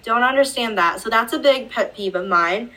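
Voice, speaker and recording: A woman's voice: on the high side, moderate pace, pushed and bright, rough recording. A woman guest on a podcast, chatting in a laid-back, self-deprecating way. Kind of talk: casual chat.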